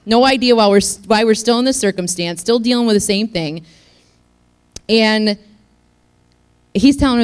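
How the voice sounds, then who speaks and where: A woman's voice: fairly high pitch, moderate pace, long pauses, clear, resonant tone. A woman preacher giving a casual, joking sermon, acting out the scenes she tells. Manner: chatty, joking, acts out scenes.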